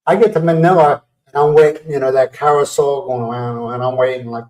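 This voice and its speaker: A man hosting a casual livestream who tells stories in a lively way and acts out what people said. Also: mid-range voice, fairly quick, hardly any pauses. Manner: animated storyteller acting out quotes. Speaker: livestream host. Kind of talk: casual storytelling chat. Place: home livestream setup. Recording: roomy sound from a distant mic.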